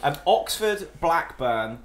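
Jokey co-host with a lively voice. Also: male voice, fairly high pitch, slow, a little hiss or hum. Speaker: podcast co-host. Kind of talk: casual chat.

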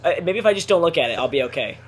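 Rapid-fire and lively in intonation, a man with a voice on the high side gives profane, jokey commentary on a horror game for his gaming videos, eventually screaming in panic. The recording is very noisy.

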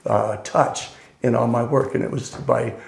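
A man's voice: mid-range voice, steady tone, a little slow, vocal fry. An older man telling rambling, wry anecdotes in casual conversation, often correcting himself mid-sentence. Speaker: storyteller guest. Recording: roomy echo.

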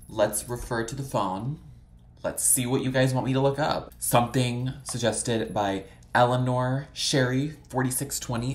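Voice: mid-range voice, slight background noise. A vlog host chatting casually while browsing old photos, gushing and swearing freely, full of dramatic exclamations and "like" fillers.

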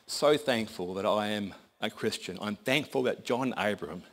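A man's voice: fairly low pitch, normal speed. A man preaching a sermon in a conversational, folksy storytelling manner.

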